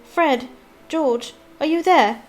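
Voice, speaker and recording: A woman's voice: high-pitched, big pitch swings, moderate pace, faint music behind, pitched above the performer's own voice. A woman voicing a fussing, motherly woman who scolds her sons. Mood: calling.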